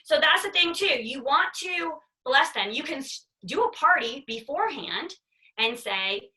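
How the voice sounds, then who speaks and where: Brief: woman team leader, high and bright, emphatic and chatty, mic a bit far off. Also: animated, measured pace. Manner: emphatic, chatty, repeats herself. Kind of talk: motivational training talk.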